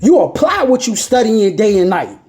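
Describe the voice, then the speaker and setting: A woman's voice: medium pitch, very animated, brisk, darkish tone. A woman preaching an emphatic, repetitive motivational sermon with casual slang, rising to impassioned peaks.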